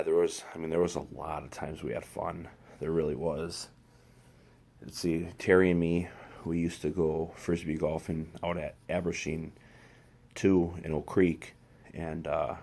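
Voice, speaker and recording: This vlogger's voice sits low, creaky and a little mellow as he tells casual, wandering stories about his life, often circling back and beginning again. The room sounds echoey.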